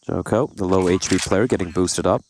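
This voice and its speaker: A man doing esports color commentary on a headset, talking through plays quickly and trading jokey banter. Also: sits low, darkish tone, a little hiss or hum.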